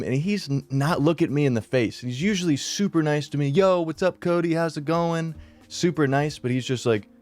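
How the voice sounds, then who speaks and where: A man's voice: mid-range voice, a little mellow. A young man telling a story on his channel in a casual, slangy way, swearing often and acting out his friends' lines. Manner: acts out friends' lines in quick voices. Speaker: YouTuber. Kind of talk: storytime vlog.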